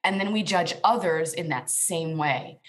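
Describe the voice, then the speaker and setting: A woman's voice: on the low side, a little slow. Earnest woman sharing a personal story. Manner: earnest, emotional, direct to listeners. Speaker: guest.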